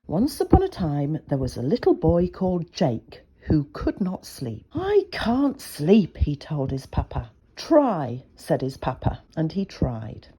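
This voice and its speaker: A woman reading a children's picture book aloud, expressive and chatty with asides. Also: sits low, unhurried, few pauses, a little hiss or hum. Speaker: storyteller.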